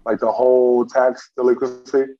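A man's voice: mid-range voice, little pitch movement, moderate pace. Man co-hosting over a muffled mic. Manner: reflective, laughs easily. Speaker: podcast co-host. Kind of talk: casual chat.

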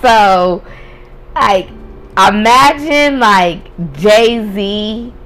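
A woman's voice: mid-range voice, very slow, a bit bright, low-quality recording. A young woman tells her own story on a podcast in a loose, conversational way. She is blunt and profane and breaks into laughter often. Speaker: podcast host. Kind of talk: casual storytelling.

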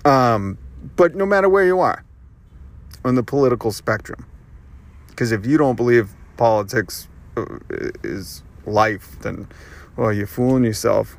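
A man's voice: mid-range voice, measured pace. Profane ranting podcast man. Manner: profane, sarcastic, rambling rant. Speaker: podcast host. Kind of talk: ranting monologue.

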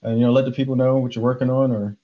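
A man hosting an interview, speaking in a measured way with hesitant "um"s and "you know"s. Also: mid-range voice, flat delivery. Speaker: podcast host. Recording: dull lo-fi sound.

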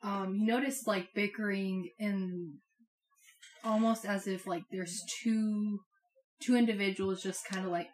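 A woman's voice: mid-range voice, steady tone, unhurried, faint music behind. A woman running a tabletop game as game master, talking hesitantly with many fillers. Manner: hesitant, lots of "like" and "um".

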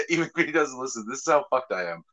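A man's voice: mid-range voice, sing-song, a little fast, pushed and bright. A man co-hosting a podcast in casual chat, rambling and laughing often. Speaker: podcast co-host. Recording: dull lo-fi sound.

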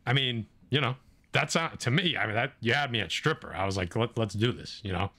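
A man's voice: medium pitch, lively intonation, a little fast, bright, forceful tone. A man co-hosting a casual comic book podcast, talking in a laid-back, rambling way with plenty of fillers. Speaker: podcast co-host.

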